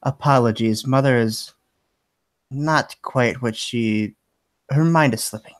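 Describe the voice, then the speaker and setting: A man's voice: medium pitch, slow pace, lightly acted. Brief: formal grown daughter, apologetic and stiff, voiced by a man.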